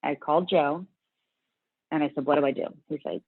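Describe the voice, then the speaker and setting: A woman guest telling her story in a casual interview, animated and full of restarts. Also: low voice, brisk, gravelly, husky, dry recording, narrow, tinny audio. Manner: animated, many restarts and fillers. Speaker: guest, bodybuilding competitor.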